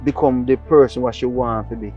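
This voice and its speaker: Man, Jamaican accent, mid-pitched voice, earnest patois, faint background music. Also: steady tone, fairly quick, lo-fi sound. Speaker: younger brother. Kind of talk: Jamaican comedy-drama skit.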